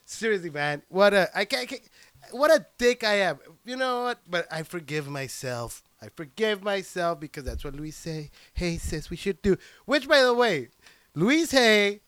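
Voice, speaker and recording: A young man hosts his podcast into a handheld microphone, swearing freely and rambling excitedly with lots of restarts. His voice sits high and comes through smooth and resonant. The sound is dry and close, with no room around it. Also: dry recording. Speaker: podcast host and stand-up comic. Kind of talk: casual rambling podcast chat. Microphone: handheld microphone plugged into a computer.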